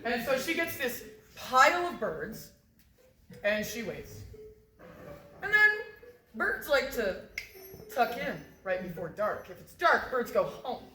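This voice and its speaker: A woman's voice: on the high side, slow, long pauses, a little hiss or hum. Joking woman telling a story live. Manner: lively, joking, casual. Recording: roomy echo.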